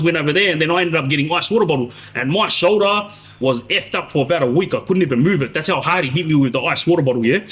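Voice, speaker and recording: A man's voice: fairly high pitch, fairly bright tone. A man tells a long story on a casual live stream, restarting sentences and tagging them with "yeah?". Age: 40s. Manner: rambling, restarts, frequent tag "yeah?". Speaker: live streamer recounting prison life.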